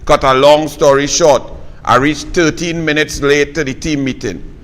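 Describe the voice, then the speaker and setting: Animated Trinidadian man with a ringing reverb. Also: a little high, normal speed. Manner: animated Creole storytelling, scornful toward opponents. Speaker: political talk show host. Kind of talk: live political commentary and storytelling. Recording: long reverb.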